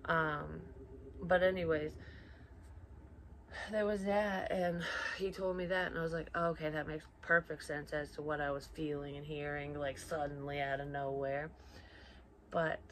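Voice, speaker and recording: A woman's voice: low-pitched, a little hiss or hum. A middle-aged woman who works as a psychic medium, telling a rambling, casual story and swearing freely. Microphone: built-in mic, external microphone not plugged in.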